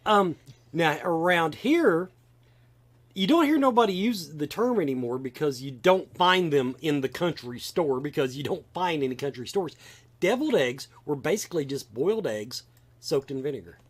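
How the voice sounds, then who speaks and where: A man's voice: fairly high pitch, normal speed. A man with a Kentucky Southern accent hosting a casual podcast chat, rambling and restarting as he goes. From Kentucky, USA. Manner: animated, rambling with many restarts. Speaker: podcast host.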